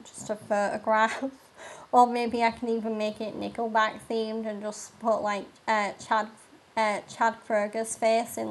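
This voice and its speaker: Giggly slow-talking woman gamer. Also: a little high, slight background noise, rough recording. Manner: giggly, rambling, lots of fillers. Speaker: gaming streamer. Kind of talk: let's play commentary and reading lines aloud.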